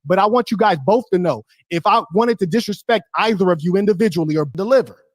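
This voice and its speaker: Male livestream host, combative trash talk, slightly high voice, dry close mic. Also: quick pace, no echo. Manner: confrontational, trash-talking, slangy. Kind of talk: heated livestream commentary.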